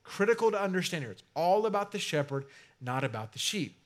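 Conversational, slightly high-voiced male preacher. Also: very animated. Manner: conversational preaching with emphatic swells and drawn-out stresses. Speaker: pastor. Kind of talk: sermon.

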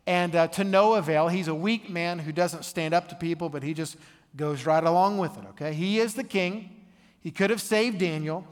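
A male pastor preaching a sermon in a church, conversational and animated as he tells the story. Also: sits high, long reverb tail.

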